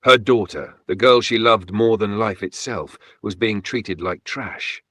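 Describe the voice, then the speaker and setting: A man's voice: lowish voice, a little slow, a bit bright, no echo. A man voicing a stern older village chief who speaks firmly and formally. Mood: grave. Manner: firm, commanding, accusing.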